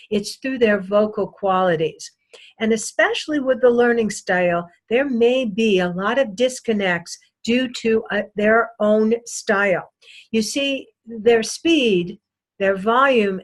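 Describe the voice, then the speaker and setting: A woman sales trainer delivers a recorded lesson at an unhurried, measured pace. Her pitch sits in the middle range, and she stresses key points by repeating them. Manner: slow, deliberate lecturing with emphatic repetition.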